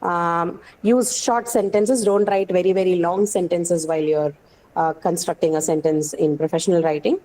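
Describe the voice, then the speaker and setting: Mellow-voiced woman lecturing a class. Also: lowish voice, steady tone, moderate pace, poor audio. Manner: checks in with frequent "right?" and fillers. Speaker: university lecturer.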